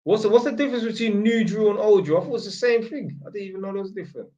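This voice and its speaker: A man's voice: high-pitched, racing, mellow. A man from Northampton, talking bluntly and casually in slang as he answers viewer questions on a livestream. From Northampton, England. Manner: blunt, slang-heavy, swears freely.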